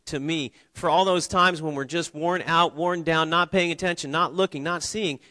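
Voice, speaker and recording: A man's voice: on the high side, steady tone, normal speed, hardly any pauses, sharp tone, no room sound. A man preaching a sermon in a church, earnest and conversational, with small restarts and light humor. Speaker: pastor. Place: church sanctuary.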